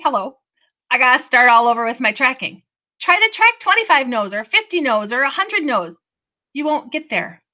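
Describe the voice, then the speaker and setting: Upbeat woman trainer, high bright voice, chatty pep talk, dull lo-fi recording. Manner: upbeat, chatty, addresses the audience as "you guys". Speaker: sales trainer.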